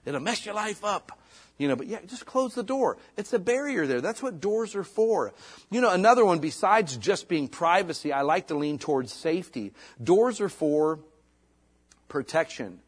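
A middle-aged man preaching a sermon as a pastor. He talks in a casual, conversational way and reads scripture slowly and deliberately. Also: high voice, sing-song, breathy edge. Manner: casual, conversational preaching with frequent "like" and "you know"; reads scripture in slow, deliberate King James cadence.

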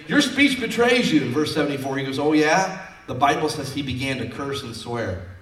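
A man's voice: on the high side, fairly bright tone, echoey room, distant mic. A man preaching a sermon as pastor, folksy and conversational, acting out quotes from his stories.

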